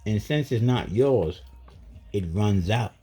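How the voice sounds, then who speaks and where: A man vlogging in a casual, emphatic rant full of street slang, with a husky voice. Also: on the low side, lively intonation, slow pace, warm tone, soft background music. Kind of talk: casual monologue.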